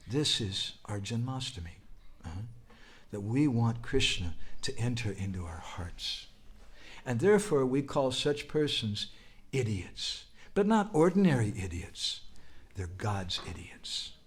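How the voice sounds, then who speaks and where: A man's voice: on the low side, measured pace. A man giving a devotional talk, telling stories with whispered asides and chanted verses. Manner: animated storytelling, drops to whispers, bursts into chanting. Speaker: spiritual teacher.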